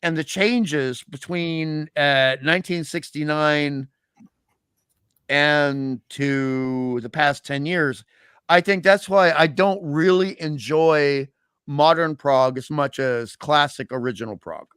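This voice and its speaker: A man hosting a casual chat, musing at length with drawn-out asides. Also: on the high side, a bit bright, clean tone, no room sound, studio quality. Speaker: podcast host.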